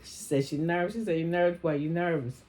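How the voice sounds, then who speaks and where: A woman's voice: lowish voice, fast talker, warm tone. A woman retelling a reality show episode in casual, blunt, heavily profane slang, slipping into quoted lines as she goes. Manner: acts out quoted lines in passing. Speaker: show recapper. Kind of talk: casual recap chat.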